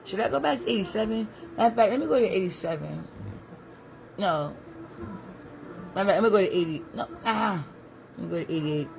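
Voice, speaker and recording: A woman's voice: mid-range voice, expressive, brisk, creaky, pauses often, darkish tone, slight background noise, poor audio. Chatty woman live-streaming at home. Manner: chatty, rambling, talks to viewers and a small child. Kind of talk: casual live-stream chat.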